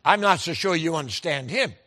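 A man's voice: fairly high pitch, lively intonation, a little fast, pushed and bright. A man preaching a sermon, telling folksy stories with quoted dialogue and stressing key words emphatically.

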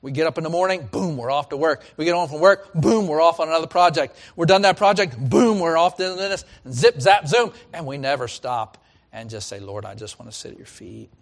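A middle-aged man preaching a sermon as pastor, swinging from loud calls to hushed lines. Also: on the high side, expressive, a little fast.

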